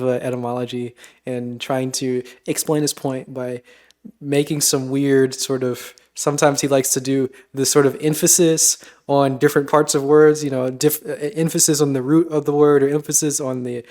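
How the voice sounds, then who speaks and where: A man's voice: medium pitch, a little mellow. A man commenting on a clip during a live stream, joking and mock-exasperated.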